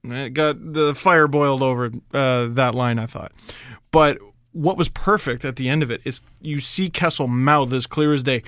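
Bright-voiced, animated sports podcast host. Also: male voice, medium pitch, clear, resonant tone, no echo, clean studio sound. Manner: animated, sarcastic, quick to joke. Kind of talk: casual sports chat.

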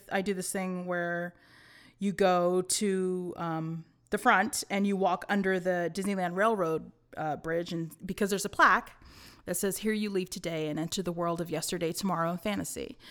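A woman in her forties chats as a podcast guest. She tells her stories with excitement and laughs often. Her voice sits at a middle pitch. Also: normal speed, clean tone. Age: 40s. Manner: excitable storyteller, bursts of laughter. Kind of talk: casual podcast chat.

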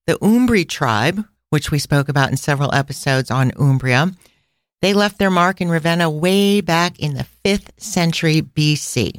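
A middle-aged woman co-hosting a casual travel podcast, chatty and quick to laugh, recorded close on a studio mic. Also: low voice, dry recording. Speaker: podcast co-host and travel planner.

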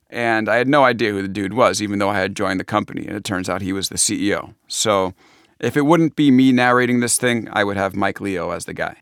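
Long island guy, kinda low voice, chatty author answering questions, bone-dry studio sound. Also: fairly bright tone, dry recording. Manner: chatty, self-deprecating. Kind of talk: casual interview answers.

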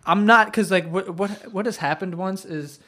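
High-voiced young man, casual podcast chat. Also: moderate pace, sharp tone. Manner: laid-back storytelling, slips into quoted voices. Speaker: podcast host.

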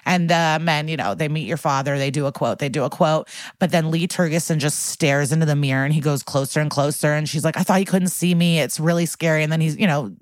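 A woman's voice: sits low, quick pace, no room sound, clean studio sound. A woman co-hosting a podcast, casually retelling a TV episode and acting out the characters' lines. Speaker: podcast co-host recapping a TV episode. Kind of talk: casual chat.

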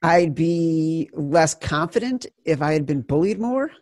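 A man's voice: on the high side, expressive, unhurried, darkish tone, dry recording, studio quality. A man from the Chicago suburbs hosting a casual sports betting chat, fired up and profane. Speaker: podcast host.

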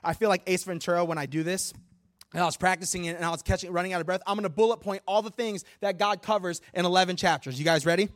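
High-voiced, animated male preacher. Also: quick pace. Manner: animated, humorous, conversational preaching. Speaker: guest preacher. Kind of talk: sermon. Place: church.

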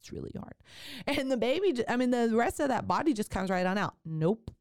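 A woman podcast host candidly telling a personal story, animated and laughing often. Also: on the high side, fairly quick, dry recording, clean studio sound.

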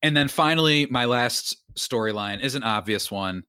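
A man's voice: medium pitch, moderate pace, clean tone, no echo. A young man hosting a podcast, chatting casually and rambling with lots of restarts and asides. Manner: rambling, animated, self-interrupting. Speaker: podcast host. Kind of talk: casual sports talk.

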